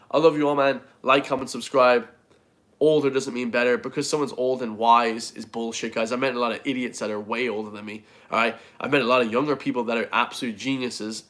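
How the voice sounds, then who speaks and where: A man's voice: mid-range voice, fairly bright tone. A man gives a casual motivational rant to his viewers. He is blunt and swears freely, and he keeps throwing in "guys" and "bro" as he talks. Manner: blunt, swears a lot, says "guys" constantly. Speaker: fitness vlogger.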